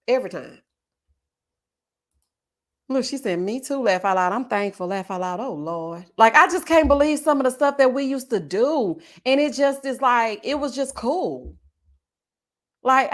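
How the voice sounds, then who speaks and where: A woman hosts a casual livestream. Her voice sits a little high, and she reads out viewer comments with lively, drawn-out asides and loud laughs. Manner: animated, laughs loudly, drawn-out "child" and "honey" asides. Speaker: livestream host.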